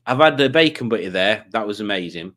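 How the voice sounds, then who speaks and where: A man's voice: on the low side, lively intonation, a little fast, fairly bright tone. A man with a Yorkshire accent hosting a live stream, chatting casually and rambling through viewer comments. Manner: rambling, self-deprecating, chatty. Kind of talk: casual chat reading comments.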